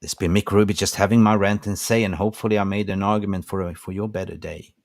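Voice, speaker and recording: An older man with a lowish voice hosts his own fan livestream, ranting with fired-up conviction and rallying his viewers like family. The sound is dry and close, with no room around it. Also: fairly even intonation, quick pace, no room sound. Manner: impassioned, preachy, rallying. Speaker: fan channel host. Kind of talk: passionate livestream rant.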